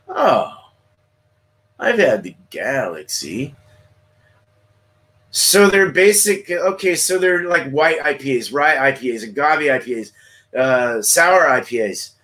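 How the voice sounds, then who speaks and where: A man with a bright, forceful, squarely mid-range voice hosts a solo beer review livestream on a computer mic. He rambles loosely to his chat, tripping over and repeating words, with a casual curse here and there.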